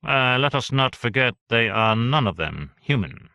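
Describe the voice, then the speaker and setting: A man's voice: mid-range voice, sing-song, a little slow, no echo, studio quality, pitched above the performer's own voice, heavily acted. A man voicing an unctuous, volatile male official in an audiobook, with an oily, pushy delivery. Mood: scheming. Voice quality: oily, swings to shouting. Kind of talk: audiobook character voice.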